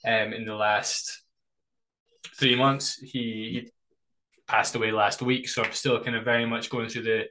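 A man hosting a podcast, speaking earnestly and thoughtfully, a little halting as he talks. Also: mid-range voice, level tone, pushed and bright, a little hiss or hum, rough recording. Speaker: podcast host. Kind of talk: candid interview conversation.

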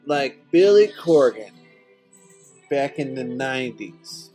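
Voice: medium pitch, expressive, slow, pauses often, a little mellow. A podcast host giving a comedic, rambling solo monologue at home. They slide into an absurd, self-pitying rant full of swearing. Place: apartment at home. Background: rock music playing faintly.

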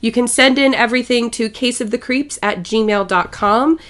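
A woman co-hosting a casual podcast, giggly and excitable. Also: fairly high pitch, normal speed. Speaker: podcast co-host.

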